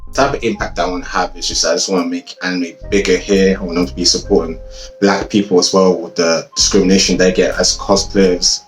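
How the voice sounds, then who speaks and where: An earnest man with a very deep voice talks about his cosplay group and often restarts his sentences. A guitar tune plays softly behind him. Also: flat delivery, brisk. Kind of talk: casual talk.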